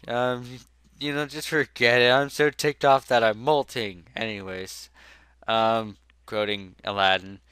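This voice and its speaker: A young man hosts a podcast in a bright, smooth voice, joking and sarcastic as he reads down a list. The sound is dry and close, with no room echo. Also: mid-range voice, flat delivery, measured pace. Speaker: podcast host. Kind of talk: casual comedic podcast chat.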